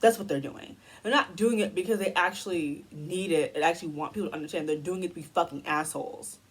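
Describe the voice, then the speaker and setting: A woman's voice: fairly low pitch, fast, husky, poor audio. A young woman ranting heatedly in a commentary video, profane and exasperated. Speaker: commentary YouTuber.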